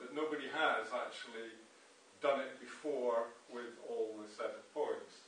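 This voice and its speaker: A man giving a poetry reading and talk, reading verse slowly and with weight, then explaining with many ums and restarts. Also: mid-range voice, a bit bright. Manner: reads verse slowly with strong emphasis, explains with many fillers. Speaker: poet and translator giving a reading. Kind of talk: public reading and lecture on poetry. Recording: very echoey room, distant mic, faint noise.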